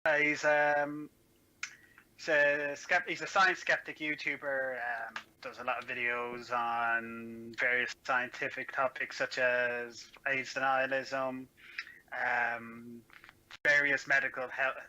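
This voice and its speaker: A man's voice: medium pitch, flat delivery, slow pace, pushed and bright, lo-fi sound. A man co-hosting a show, describing the next guest with hesitant "um"s. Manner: hesitant, with many "um"s. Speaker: co-host. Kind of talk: casual chat.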